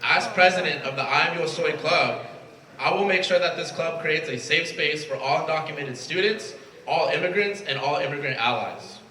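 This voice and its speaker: A man's voice: on the high side, moderate pace, sharp tone. A young man from Mexico, the new president of a student club, giving an earnest, emotional prepared speech. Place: event space at a college. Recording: echoey room from far off, faint ambience.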